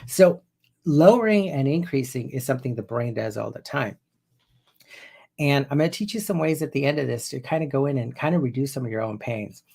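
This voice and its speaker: A man's voice: medium pitch, expressive, fairly quick, gravelly, a little mellow, breathy edge. A man in his fifties, a hypnotherapist, teaching viewers in a loose, conversational way and often restarting his sentences. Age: 50s. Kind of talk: casual spoken teaching to viewers.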